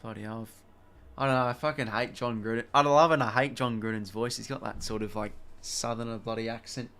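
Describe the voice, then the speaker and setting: A man's voice: medium pitch, steady tone, brisk, fairly bright tone, clear, resonant tone. Chatty Australian man calling the footy. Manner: rambling, chatty, swears freely. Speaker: live stream host. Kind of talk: casual live watch-along commentary.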